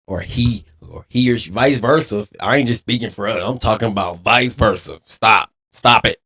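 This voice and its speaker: Man, streamer, animated preachy rant, laughing. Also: medium pitch, a little fast, few pauses, husky. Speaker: streamer reacting to a clip. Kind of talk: casual reaction commentary.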